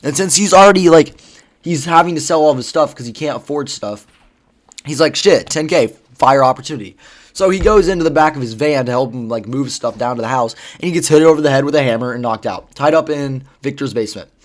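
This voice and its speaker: A man's voice: mid-range voice, fast talker. Man rambling through a story. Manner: rambling, loose storytelling with frequent fillers and swearing. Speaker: vlogger. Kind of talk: casual plot retelling.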